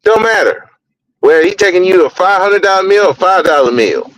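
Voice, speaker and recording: Blunt high-voiced man ranting on a podcast. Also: lively intonation, brisk, a bit bright, poor audio. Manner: blunt, profane, repeats words when heated. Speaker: podcast host. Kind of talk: opinionated podcast commentary.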